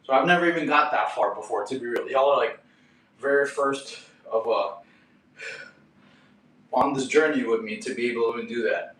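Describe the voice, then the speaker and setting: A man live-streaming to his chat, excitable and out of breath between handstand attempts, talking casually at home. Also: mid-range voice, normal speed, pauses often, recorded from a distance. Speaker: fitness streamer. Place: indoor room upstairs at home. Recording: echoey room with faint ambient noise.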